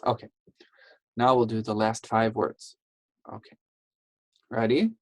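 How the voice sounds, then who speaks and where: A woman teaching a phonics lesson to young English learners, saying each word slowly and clearly and praising the children. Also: extremely low pitch, fairly even intonation, no room sound, rough recording. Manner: slow, clearly enunciated, encouraging classroom talk.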